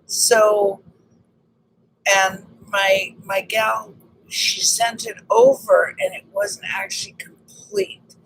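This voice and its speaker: A woman telling a personal story in a casual monologue, animated and acting out the conversations she had. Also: medium pitch, takes it slowly, gravelly, a little hiss or hum, rough recording. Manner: animated, re-enacts conversations, frequent restarts.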